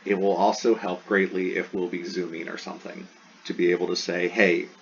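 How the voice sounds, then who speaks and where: A man with a very low voice gives a recorded lesson and sounds enthusiastic about the subject. He says key terms slowly and repeats them. The recording is dull and lo-fi, with a faint hiss behind him. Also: flat delivery, vocal fry. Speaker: Greek teacher.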